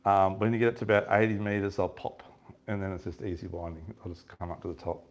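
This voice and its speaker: A man telling a lively fishing story at a live seminar, laughing and acting out what his mates said. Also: sits low, fast. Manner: chatty, laughing, acts out quoted lines. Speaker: fishing shop presenter.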